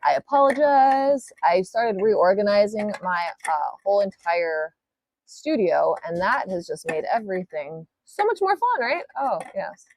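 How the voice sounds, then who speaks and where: A young woman hosts a casual live nail tutorial, chatting as she works. Her pitch swings widely and freely, and her talk rambles with many self-interruptions and apologies. The sound is close and dry, with no room echo. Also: lively intonation, unhurried, a little mellow. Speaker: nail art tutorial host. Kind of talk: casual live-stream chat while demonstrating. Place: home nail studio.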